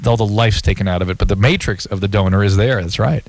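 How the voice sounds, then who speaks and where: A man co-hosting a late-night call-in radio show as its physician, explaining in a measured way and laughing easily. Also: on the low side, no echo. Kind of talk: casual radio banter.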